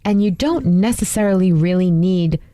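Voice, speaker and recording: A woman co-hosts a radio segment in a chatty, playful way. Her voice is low for a woman. The studio sound is dry and close. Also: normal speed, warm tone, no room sound. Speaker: radio co-host. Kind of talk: casual radio chat.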